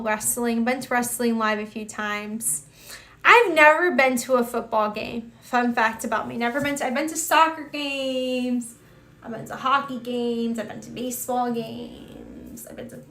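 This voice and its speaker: On a live stream, a young woman reads out viewer comments in casual chat, calling people by name and reacting with lots of exclamations. Her voice is on the high side with a fairly bright tone.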